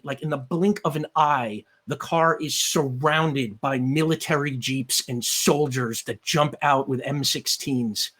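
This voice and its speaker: A man's voice: on the high side, a bit bright. A man running a tabletop game as game master, narrating in a rambling way with many fillers.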